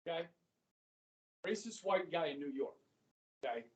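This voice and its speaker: A man's voice: on the high side, expressive, moderate pace. A male history teacher giving a casual, joking classroom lecture and firing rhetorical questions at his students. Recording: echoey classroom, speaker far from the mic.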